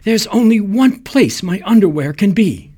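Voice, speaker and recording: A man reading a story aloud voices an indignant, sharp-tongued young woman, his husky voice lifted a little. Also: high voice, lively intonation, normal speed, pitched above the performer's own voice. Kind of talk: reading short fiction aloud.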